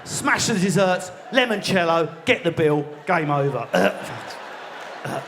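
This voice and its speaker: A man in his forties with an Essex accent, riffing fast and crudely through a stand-up set with a high, bright voice. He jumps into squealed character voices mid-joke. A faint hum of the big theatre sits behind him. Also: animated, a faint crowd. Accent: Essex English. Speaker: stand-up comedian. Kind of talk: stand-up comedy routine. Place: large theatre stage.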